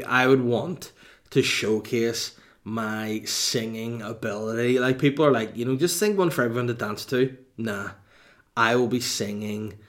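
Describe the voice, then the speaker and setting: A middle-aged man, a comedian chatting casually and reading out viewer questions, with cheeky, crude banter and quick asides. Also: mid-range voice. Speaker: comedian hosting a live Q&A stream.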